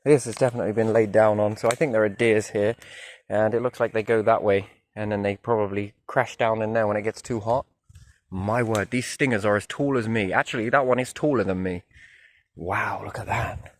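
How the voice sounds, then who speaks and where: A man walking by a river in the woods, musing aloud as he goes, often trailing off into quiet wondering remarks. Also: on the low side, fairly even intonation, fairly quick, slight background noise. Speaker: vlogger.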